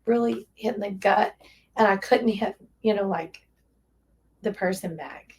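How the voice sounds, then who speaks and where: A woman with an East Tennessee accent who runs a relief shelter tearfully recounts a hard moment in earnest, heartfelt conversation, using Southern phrasing. Her medium-pitched voice is unhurried and darkish in tone.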